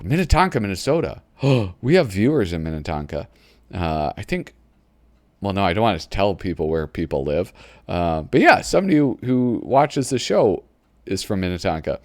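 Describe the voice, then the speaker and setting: A man's voice: fairly low pitch, very animated, normal speed, darkish tone, no room sound. Giggly man leafing through a magazine. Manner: chatty, giggly, easily sidetracked. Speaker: host. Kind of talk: casual commentary while flipping through a magazine. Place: home computer desk.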